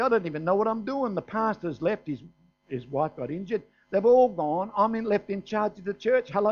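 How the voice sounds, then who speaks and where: An older man with an Australian accent, preaching a sermon in a folksy storytelling way, often asking "is that right?". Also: high voice. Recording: dull, muffled sermon recording.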